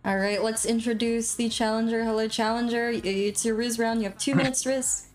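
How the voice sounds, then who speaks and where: A woman hosting a stream dating game with brisk announcements. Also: a little high, steady tone, faint music behind. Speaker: game show host.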